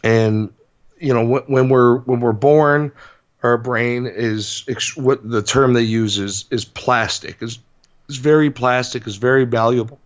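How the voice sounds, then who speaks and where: Slow, halting man on a muffled line. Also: medium pitch, fairly even intonation. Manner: halting, hesitant, explaining. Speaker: podcast co-host. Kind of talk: casual podcast chat.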